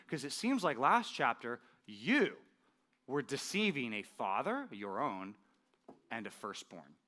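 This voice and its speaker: A male pastor preaching a sermon in a conversational, animated way, often checking in with the audience. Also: mid-range voice, moderate pace.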